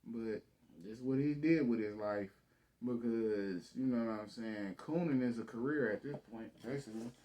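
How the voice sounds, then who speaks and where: A man's voice: mid-range voice, normal speed, warm tone. Blunt, profane male stream commentator. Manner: blunt, profane and slangy, talks over the clip. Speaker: stream commentator reacting to a debate. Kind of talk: casual reaction commentary.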